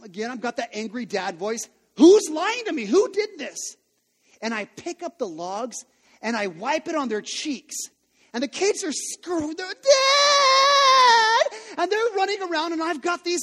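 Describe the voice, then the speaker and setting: High-voiced male pastor in a reverberant hall. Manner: conversational storytelling with rhetorical questions. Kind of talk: sermon.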